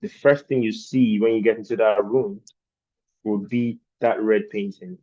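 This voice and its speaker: Low-voiced man teaching slowly, muffled call audio. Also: steady tone, warm tone, no echo. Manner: explains patiently with rhetorical questions. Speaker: design instructor. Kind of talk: virtual training lecture.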